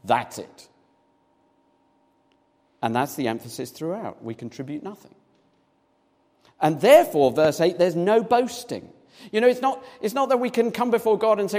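A man preaching a sermon, animated, acting out little scenes in different voices as he reads and explains. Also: high voice, normal speed, pauses often. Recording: long reverb of a large hall.

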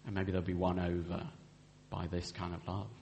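A man's voice: deep voice, little pitch movement, moderate pace, darkish tone, slight background noise. Man preaching in an echoing hall. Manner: earnest, acts out vows in quoted speech. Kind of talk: sermon on marriage. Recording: long hall reverb.

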